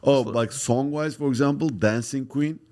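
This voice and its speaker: A man's voice: medium pitch, moderate pace. A young man from Turkey with a Turkish accent, a comedian guest chatting casually and joking at his own expense. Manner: laughing, self-mocking, animated. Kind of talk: casual chat.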